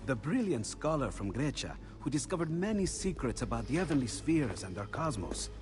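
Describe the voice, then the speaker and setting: An actor playing an older Renaissance inventor, gentle, musing and absent-minded. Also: male voice, medium pitch, sing-song, moderate pace, over music, close to an everyday voice. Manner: gentle, musing, enthusiastic about his research.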